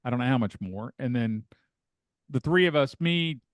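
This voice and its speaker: An older man chats in a loose, rambling way and slips into quoted voices as he tells his stories. His voice sits at an ordinary middle pitch. The recording is dry and close, with no room sound. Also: animated, moderate pace, smooth, dry recording. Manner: rambling storyteller who acts out quoted voices. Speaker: podcast guest, the father. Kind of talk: casual family chat.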